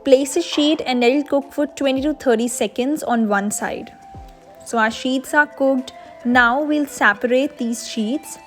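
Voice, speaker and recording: A woman's voice: high-pitched, measured pace, a bit bright, faint music behind. A young woman, host of a cooking channel, explaining a recipe step by step in a voice-over.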